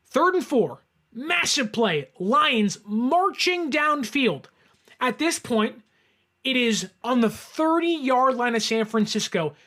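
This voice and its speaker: A man hosting a sports show, giving excitable, emphatic fan reaction commentary straight to viewers. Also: very high voice.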